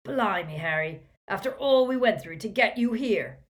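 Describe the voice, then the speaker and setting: A woman's voice: mid-range voice, animated, normal speed, voice pushed up, lightly acted. A woman voicing a big, blunt, growling giant man in a storybook reading. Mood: gruff.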